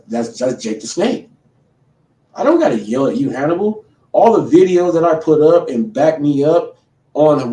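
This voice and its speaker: Far from the mic in an echoey room, a man with a fairly high but dark-toned voice hosts a livestream. He confrontationally calls out a rival in a rambling rant, restarting frequently.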